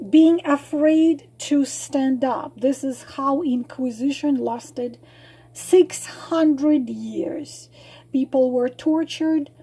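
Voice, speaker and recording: Tired, husky-voiced woman speaking earnestly. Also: a little high, warm tone. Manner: earnest, halting with many fillers, sudden emphatic rises. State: tired, losing her voice. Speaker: psychic channel host. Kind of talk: solo talk to camera.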